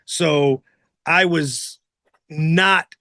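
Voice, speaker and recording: A man's voice: fairly high pitch, extremely slow, pushed and bright, dry recording, studio quality. A man, a former wrestler and podcast guest, telling rambling, profane stories in casual chat. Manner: profane, rambling, acts out quoted voices. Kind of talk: casual storytelling.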